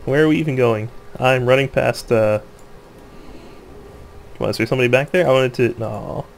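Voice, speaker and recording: A man casually commenting on his own gameplay, laughing often, joking and excitable, with faint noise behind him. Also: mid-range voice, normal speed, creaky.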